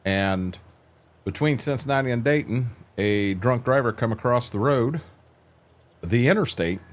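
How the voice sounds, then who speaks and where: A man's voice: mid-range voice, animated, a little slow. An older man hosting a live stream, chatting casually in a plainspoken, rambling way and repeating words as he thinks. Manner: plainspoken, folksy.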